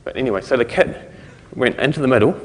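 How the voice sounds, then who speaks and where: This conference speaker, a man with a New Zealand accent, talks fast about speech recognition in a mid-range voice with lively intonation. He's loose, corrects himself and chuckles occasionally. The hall adds long reverb.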